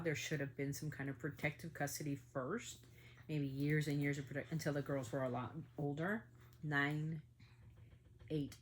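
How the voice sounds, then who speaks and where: A woman's voice: sits low, a little hiss or hum. A middle-aged woman hosting a family podcast, talking with anger and emphatic outbursts. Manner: angry, emphatic, with surges of loudness. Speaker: podcast host. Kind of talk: emotional commentary.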